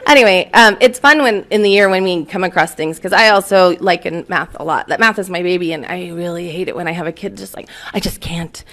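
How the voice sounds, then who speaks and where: A woman's voice: on the low side, fairly quick, few pauses. A woman in her forties, a teacher giving a chatty conference talk full of fillers and laughter. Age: 40s. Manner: chatty and warm, laughs often, lots of fillers. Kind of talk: conference presentation.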